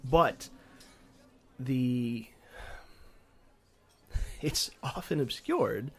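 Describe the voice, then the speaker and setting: A man co-hosting a casual gaming podcast, talking in a rambling, animated way with frequent restarts and casual swearing. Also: medium pitch, drawn-out words. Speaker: podcast co-host. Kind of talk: casual chat.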